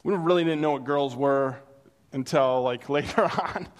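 A man's voice: medium pitch, normal speed. A man preaching a sermon in a conversational way, telling personal stories and acting out the people in them. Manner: conversational, animated storytelling with acted-out quotes. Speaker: pastor. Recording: long reverb of a hall.

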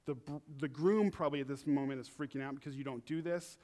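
A young man preaching in a casual, animated way, acting out quotes in funny high voices. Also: quick pace. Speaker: pastor. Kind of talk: casual sermon.

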